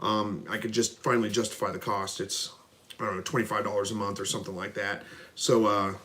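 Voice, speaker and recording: A middle-aged man hosting a casual live stream, reading out viewer comments and answering in a relaxed, folksy way. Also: lowish voice, brisk. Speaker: livestream host answering viewer questions. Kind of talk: casual live Q&A about raising rabbits and quail.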